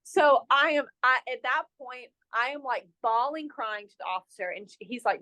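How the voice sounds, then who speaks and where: A young woman from North Carolina, a resort general manager, tells a story as a podcast guest in an animated, self-mocking way and fills her talk with "like.". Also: high voice, measured pace. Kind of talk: casual interview storytelling.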